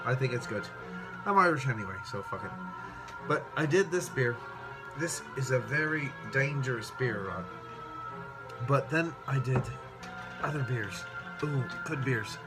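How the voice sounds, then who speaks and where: A man tasting and reviewing beer in a casual vlog, excitable and rambling, swearing freely and a bit tipsy after several beers. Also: mid-range voice, measured pace, pauses often. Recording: music playing clearly behind the voice.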